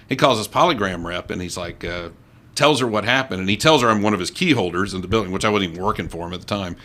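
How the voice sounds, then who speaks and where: A middle-aged man, a radio host telling stories in a casual interview, animated and acting out what others said. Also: low-pitched, fast talker. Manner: animated storyteller, acts out quoted voices. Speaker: radio host as podcast guest.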